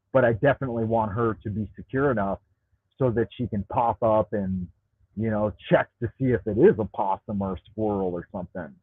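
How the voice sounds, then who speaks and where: A man's voice: fairly low pitch, breathy edge, dry recording. Profane ranting man over tinny Bluetooth. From United States. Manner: profane, rambling, repeats words when heated. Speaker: livestream host reading chat. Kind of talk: ranting live chat. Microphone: Bluetooth headset. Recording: tinny dry Bluetooth audio.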